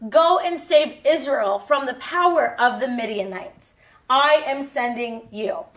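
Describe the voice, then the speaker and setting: A woman voicing an encouraging angel in a Bible story for kids, speaking slowly and reassuringly. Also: high voice, echoey room.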